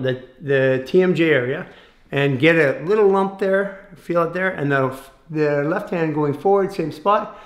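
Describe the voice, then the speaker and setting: A man leading a guided fascia exercise class, giving calm step-by-step cues and explaining as he goes. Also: fairly high pitch, muffled recording. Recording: roomy echoey room.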